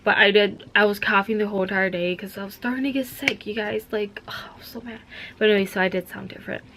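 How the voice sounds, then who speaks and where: Young woman from minnesota rambling to her camera, says like a lot, mid pitch, bit of faint noise. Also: fairly even intonation, quick pace. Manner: rambling, heavy use of "like". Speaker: vlogger. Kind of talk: casual chat.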